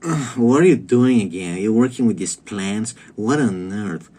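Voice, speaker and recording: A man's voice: fairly low pitch, expressive, measured pace, warm tone, slightly rough. A man voicing a nagging wife who scolds her nerdy husband with exasperated questions. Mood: scolding.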